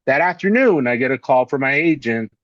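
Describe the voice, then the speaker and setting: Animated man telling showbiz stories. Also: medium pitch, a little fast, no echo, muffled recording. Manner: animated anecdotes, acts out quoted voices. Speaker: actor and interview guest. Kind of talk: casual storytelling interview.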